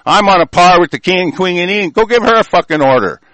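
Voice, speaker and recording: A man from the United States delivering an angry, profane political rant, swinging from loud outbursts to low muttering. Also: lively intonation, a little fast, no echo, low-quality recording.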